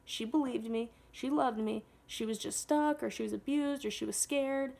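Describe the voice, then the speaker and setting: A woman's voice: fairly high pitch, moderate pace, vocal fry, warm tone. A woman in her twenties telling a personal story to camera, blunt and candid, swearing freely and rambling with lots of fillers. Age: 20s. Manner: rambling, heavy use of filler "like". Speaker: vlogger.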